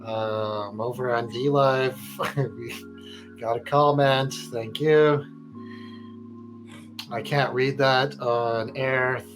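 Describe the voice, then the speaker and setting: Slow-talking man hosting a call-in show. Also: mid-range voice, fairly even intonation, over music. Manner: laughs often, reads emails aloud. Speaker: talk show host. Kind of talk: casual comedic call-in chat.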